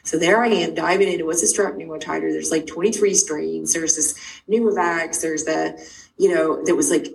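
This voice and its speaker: A middle-aged woman, a guest, telling her own story quickly and emphatically, acting out the dialogue she quotes. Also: deep voice, fairly even intonation, gravelly. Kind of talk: animated personal storytelling. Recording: distant mic with faint noise.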